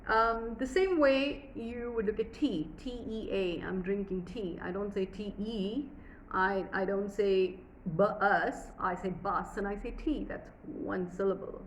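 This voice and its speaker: A woman's voice: mid-range voice, normal speed, slight background noise, poor audio. A woman teaching a pronunciation workshop, drawing out example words and asking the listener questions. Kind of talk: workshop lesson.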